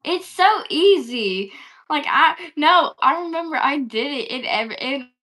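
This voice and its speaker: Slangy woman co-host, higher voice. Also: animated, bright, forceful tone. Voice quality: easygoing, slangy, quick to laugh. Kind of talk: casual chat.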